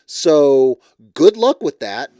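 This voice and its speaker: A man's voice: on the high side, very animated, takes it slowly, warm tone, dry recording, clean studio sound. A man hosting a reality TV recap, commenting in a blunt, sarcastic, exasperated way. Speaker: show recap host.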